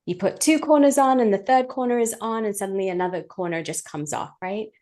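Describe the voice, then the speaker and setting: A middle-aged woman, a guest on a podcast, telling a personal story in a candid, animated way and acting out the things she once said. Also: medium pitch, brisk. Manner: animated, vivid storytelling that acts out her own past words; candid and chatty, talks straight to the listeners.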